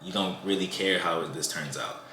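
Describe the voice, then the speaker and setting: Deep-voiced man giving casual dating advice. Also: normal speed, roomy sound, background noise. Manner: loose and conversational, repeats "you know what I'm saying". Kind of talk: casual advice monologue to camera.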